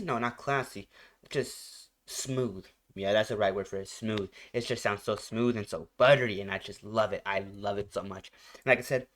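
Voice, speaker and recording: A young man hosting a reaction video, gushing in a rambling way, hunting for words and laughing often between phrases. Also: medium pitch. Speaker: reaction channel host. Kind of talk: casual reaction commentary.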